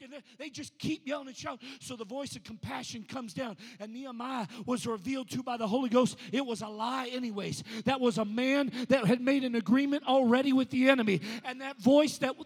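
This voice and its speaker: A preacher with a very high-pitched, husky voice. He delivers a sermon that swells into loud, rhythmic preaching. The sound rings with long reverb from a church sanctuary. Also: brisk, hardly any pauses. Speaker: pastor.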